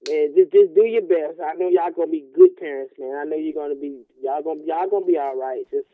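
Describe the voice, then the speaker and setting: A man's voice: on the high side, fast. A man chatting casually as a podcast guest, joking and rambling, with lots of "you know" and "man". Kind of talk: casual chat. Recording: tinny phone line.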